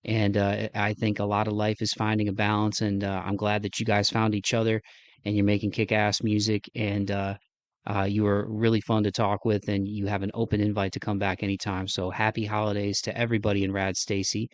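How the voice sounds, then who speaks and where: A man's voice: on the low side, monotone, fairly quick. A man with a Midwestern accent hosting a podcast, rambling enthusiastically through a casual solo outro. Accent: Midwestern American. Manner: rambling, enthusiastic, self-deprecating. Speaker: podcast host.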